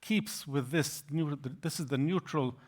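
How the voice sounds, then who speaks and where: A man giving an academic lecture, explaining slides in a halting way with frequent restarts. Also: fairly high pitch.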